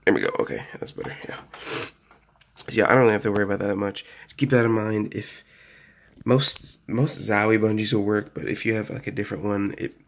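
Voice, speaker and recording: A man's voice: on the low side, flat delivery, moderate pace, creaky. A man giving a casual, rambling product review at his home desk, full of fillers and "so yeah", recorded on a phone camera. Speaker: gaming gear reviewer.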